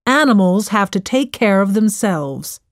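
A woman's voice: medium pitch, animated, a little slow, no echo, studio quality, lightly acted. Woman reading a blunt, unfriendly man. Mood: hostile. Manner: blunt, dismissive. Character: hard, unfriendly grown man.

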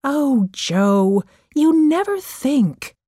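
A woman's voice: high voice, sing-song, extremely slow, mellow, slightly rough, no room sound, studio quality, voice pushed up, exaggerated voice. A woman voicing a tired, stern mother in a storybook reading, scolding in a raised voice.

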